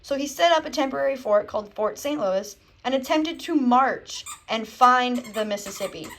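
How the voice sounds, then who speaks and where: A woman's voice: high-pitched, moderate pace, a bit bright, a little hiss or hum. A young woman teacher giving a casual history lesson from home, acting out historical figures in a jokey voice. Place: home, with a dog nearby.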